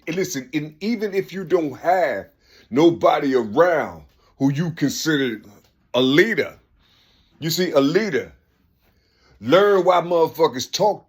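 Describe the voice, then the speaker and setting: Man, fairly high voice, street-wise mentor, preachy and insistent, leans on "you see?". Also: husky. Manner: street slang, earnest and insistent. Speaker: speaker giving life advice. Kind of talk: informal spoken advice.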